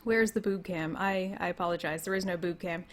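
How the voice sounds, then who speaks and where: A young woman with a Canadian accent, a little hoarse from losing her voice, rambling through a casual livestream from home, laughing often. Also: on the low side, fairly quick. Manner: rambling, laughs often, reads chat comments aloud. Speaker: livestream host. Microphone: computer mic.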